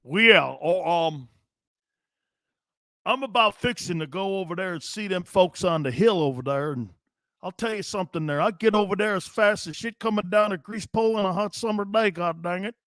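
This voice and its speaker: A man's voice: high voice, normal speed, a bit bright, dry recording, studio quality. A man playing a boastful, rowdy Texas redneck with a thick Texan drawl and folksy sayings. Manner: rambling, boisterous, folksy sayings.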